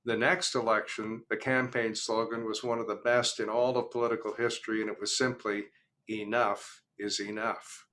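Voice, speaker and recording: An older man hosting an interview, chatty and anecdotal, pausing on fillers. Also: mid-range voice, little pitch movement, bright, forceful tone. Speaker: interview host. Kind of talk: casual interview chat.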